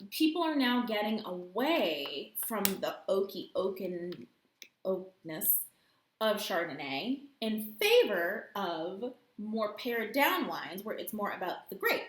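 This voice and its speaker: A woman's voice: mid-range voice, sing-song, takes it slowly. A woman co-hosting a casual wine review, joking and rambling through her explanations. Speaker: co-host. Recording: echoey room.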